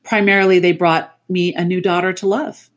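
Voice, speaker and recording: A middle-aged woman, a podcast guest, telling family stories in casual chat over a remote call, animated and laughing often. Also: fairly low pitch, normal speed. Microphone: remote call mic.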